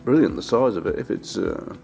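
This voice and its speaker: Man, low gravelly voice, dark mellow tone, casual vlog chatter, soft music under it. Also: lively intonation, a little fast. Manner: chatty, talks to his dog in a high singsong voice. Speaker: vlogger.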